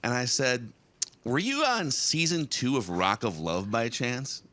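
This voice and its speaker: A man's voice: medium pitch, big pitch swings, measured pace, bright, forceful tone. A man in his thirties, a guest telling a rambling story on a talk show with many restarts. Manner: rambling, with frequent restarts and fillers.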